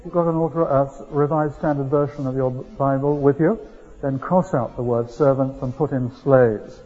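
A man's voice: mid-range voice, fairly even intonation, moderate pace, dark tone, husky. A middle-aged man preaching a sermon in a conversational, storytelling manner with rising emphasis. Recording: dull lo-fi recording.

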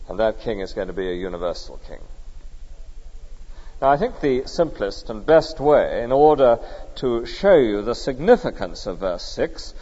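A man preaching a sermon, emphatic, asking rhetorical questions and stressing words with loud bursts. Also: medium pitch, big pitch swings, normal speed. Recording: dull sound in a hall with long reverb.

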